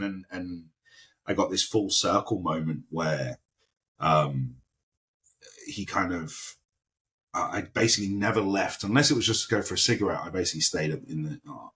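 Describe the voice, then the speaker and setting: A man from London, an actor guest, telling a casual anecdote with animated storytelling and lively quoted impressions. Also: low voice, vocal fry.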